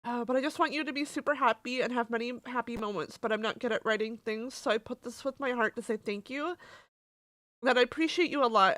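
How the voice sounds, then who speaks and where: A woman's voice: a little high, a little fast, a bit bright, no room sound. A woman streamer chatting casually on a livestream and reading messages aloud, candid and emotional, swearing and laughing easily.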